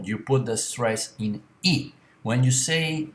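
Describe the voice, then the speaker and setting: In a classroom lecture, a language teacher speaks in a medium-pitched male voice. His explanations come slow and deliberate, full of pauses and self-corrections.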